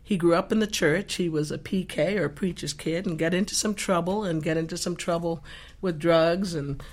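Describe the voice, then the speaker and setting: A woman guest telling an earnest faith testimony in an animated way, acting out the voices in her story. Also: lowish voice, normal speed. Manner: expressive, acts out the dialogue in her story.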